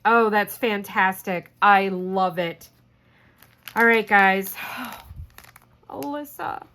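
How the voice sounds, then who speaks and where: A woman's voice: mid-range voice, fairly even intonation, pushed and bright. A woman hosting a craft channel, chatting casually while opening gifts, gushing and grateful, close to tears. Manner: gushing, grateful, slow and tearful at times. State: tearful, trying not to cry. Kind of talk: casual unboxing chat.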